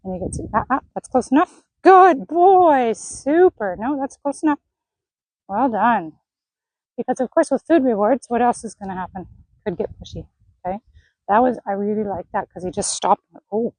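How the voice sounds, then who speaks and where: A woman horse trainer in an outdoor arena, gently praising and coaxing a horse while explaining her training to viewers. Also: mid-range voice, fast, husky, no echo, rough recording.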